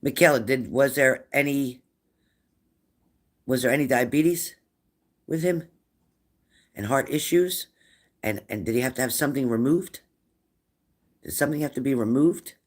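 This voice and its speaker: A man's voice: mid-range voice, moderate pace, long pauses. A man hosting a live-stream spirit reading as a medium, who asks viewers the same probing questions again and again. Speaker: psychic medium.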